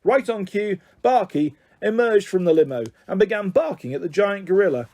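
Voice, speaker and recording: A man reading a children's story aloud in an animated, expressive way. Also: high voice, normal speed, dry recording.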